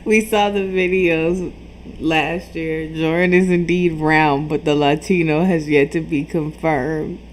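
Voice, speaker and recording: A woman's voice: sits low, steady tone, slow, slight background noise. A woman commenting on stream clips, teasing the streamer and laughing at him. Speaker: reaction commentator. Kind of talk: mocking commentary over clips.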